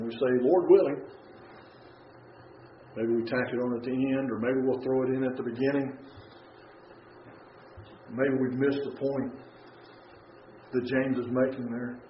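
A man preaching an earnest sermon, reading scripture aloud and stressing urgency. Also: medium pitch. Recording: roomy, dull, faint background hum.

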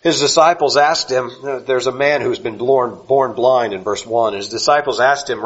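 Dynamic male preacher, muffled sound. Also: mid-range voice. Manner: dynamic, swings from loud emphatic to soft and slow. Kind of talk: sermon.

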